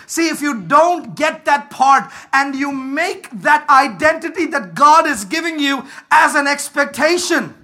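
A man preaching with a very high, ringing voice. He builds to fervent shouts and keeps prompting the congregation to answer back. His tone stays bright and cutting throughout the sermon. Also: animated, a little slow, hardly any pauses. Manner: fervent, rises to shouts and calls for congregation responses. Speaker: pastor.

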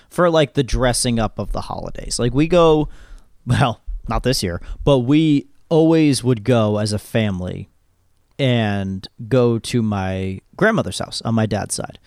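A man in his twenties co-hosting a podcast, chatting casually and telling jokey, animated stories. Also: mid-range voice, a little slow, gravelly, no room sound, clean studio sound. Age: 20s. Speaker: podcast co-host. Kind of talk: casual chat.

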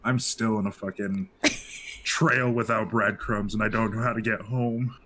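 A man's voice: fairly low pitch, fairly even intonation, moderate pace, sharp tone, a little hiss or hum. A man giving blunt, laid-back opinions about games on a casual podcast. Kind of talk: casual chat.

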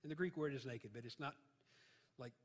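A man preaching a conversational Bible-teaching sermon, animated and joking, acting out voices as he retells the passage. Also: medium pitch, brisk. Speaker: pastor. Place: church sanctuary. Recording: long reverb of a large hall.

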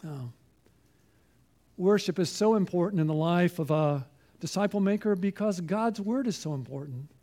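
High-voiced, mellow male pastor preaching. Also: moderate pace. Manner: earnest, persuasive preaching with rhetorical questions. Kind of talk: sermon.

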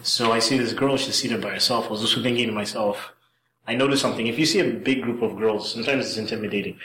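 A man's voice: fairly low pitch, fast talker, fairly bright tone, slight background noise. A man telling a casual, rambling story as a podcast guest, swearing freely and acting out the lines of people in it. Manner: rambling, profane, acts out quoted dialogue. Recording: roomy room sound.

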